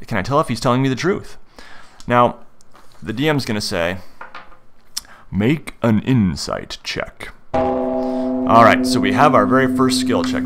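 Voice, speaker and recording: A man's voice: medium pitch, a bit bright. A man hosting a tutorial, explaining how to play a tabletop game and acting out his character. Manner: explanatory, plays his character in first person. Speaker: game master and tutorial host.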